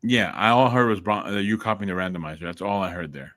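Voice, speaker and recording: A man's voice: low voice, quick pace, fairly bright tone. A man runs a casual predictions chat, calling on others for their picks. His tone is dry and a bit mock-defensive when teased. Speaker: podcast co-host running the picks.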